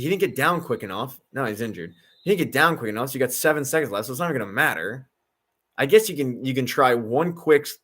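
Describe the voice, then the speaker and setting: A young man giving casual, sarcastic, deadpan commentary during a live sports watch-along, rambling with lots of "like". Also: lowish voice.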